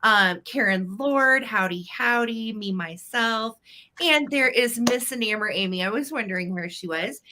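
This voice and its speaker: A woman's voice: fairly high pitch, a little slow, pushed and bright, slight background noise. A woman hosting a live vintage sale stream, chatting casually and greeting viewers by name.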